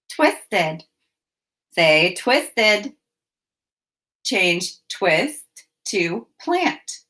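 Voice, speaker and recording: Slow, sing-song woman teaching phonics. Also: medium pitch, a bit bright. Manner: slow, clearly enunciated prompts with praise. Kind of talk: phonics lesson for children.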